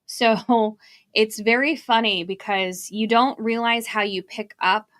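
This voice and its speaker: A woman's voice: on the high side, steady tone, takes it slowly, fairly bright tone, no echo, clean studio sound. A woman from Arizona co-hosting a marketing livestream, chatty and laughing as she drifts into tangents. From Arizona, USA. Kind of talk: casual live-stream chat.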